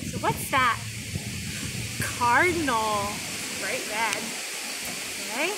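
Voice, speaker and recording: A woman teaching young children in a video lesson, talking in a gentle, sing-song way that is exaggerated for little ones. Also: high-pitched, expressive, takes it slowly, pauses often. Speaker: preschool teacher. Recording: noisy background.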